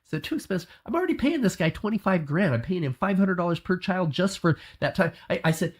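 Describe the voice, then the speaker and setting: A man's voice: sits high, very animated, fast talker, slightly rough. A man, a guest in a played interview clip, retelling events vividly and acting out the dialogue with frequent restarts. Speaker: interview guest recounting a rescue operation.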